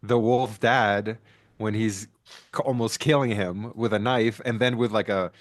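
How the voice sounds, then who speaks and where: A man's voice: fairly low pitch, steady tone, a little slow, no echo, studio quality. A man in casual podcast chat, ranting animatedly about a film and often restarting his sentences.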